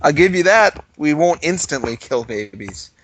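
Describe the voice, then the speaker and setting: A man co-hosting a casual comedic podcast, answering with dry disbelief. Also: normal speed. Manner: dry, incredulous, lively pitch swings. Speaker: podcast co-host.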